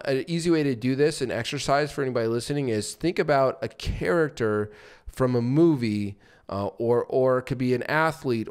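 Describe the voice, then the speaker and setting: A man's voice: mid-range voice, smooth. A man co-hosting a podcast, explaining sales techniques in loose casual talk full of fillers and restarts, often acting out short examples. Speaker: podcast co-host and sales coach.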